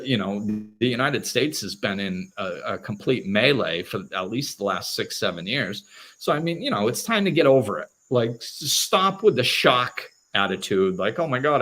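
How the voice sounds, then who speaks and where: A man's voice: medium pitch, a bit bright. A man hosting a live talk show, speaking in a loose, conversational way, often restarting phrases and acting out other people's reactions. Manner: casual, conversational, repeats words and restarts often, acts out quoted reactions. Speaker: host.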